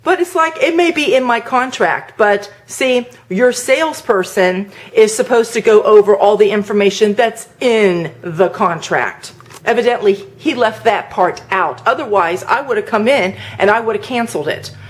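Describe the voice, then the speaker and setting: A woman's voice: medium pitch, lively intonation, moderate pace. A woman venting to camera in a casual vlog from a parked car, retelling conversations in an indignant way. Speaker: vlogger.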